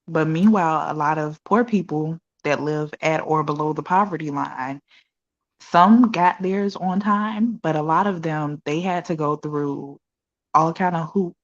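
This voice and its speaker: A woman co-hosting a casual livestream chat, speaking calmly and steadily. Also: deep voice, unhurried. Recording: dull lo-fi audio.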